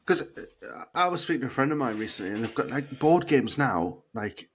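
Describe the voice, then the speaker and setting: A man's voice: medium pitch, expressive, brisk, slight background noise. A Northern Irish man co-hosting a casual beer podcast, laid-back and dry, swearing casually. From Northern Ireland. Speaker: podcast co-host. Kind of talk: casual chat.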